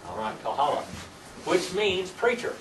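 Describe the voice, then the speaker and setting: A man's voice: high-pitched, big pitch swings, normal speed, far from the mic. An older man teaching a Sunday school Bible class, quizzing his students with folksy tag questions. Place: church classroom. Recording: echoey room recorded from afar, faint hiss.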